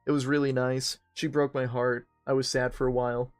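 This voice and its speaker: A man's voice: mid-range voice, little pitch movement, a little fast, clean tone. A young man telling a rambling, profane, self-mocking story while streaming a game, with faint game music behind him. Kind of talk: casual storytelling while gaming.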